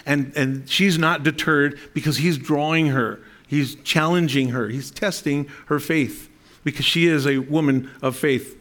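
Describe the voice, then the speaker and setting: A man preaching a sermon to his congregation, with a voice that sits a little higher than most men's. He reads verses aloud and then unpacks them, often breaking off and restarting a sentence. Now and then he asks the listeners for an amen. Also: fairly even intonation, a little slow, fairly bright tone. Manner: speaks to a congregation, asking for amens. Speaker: pastor.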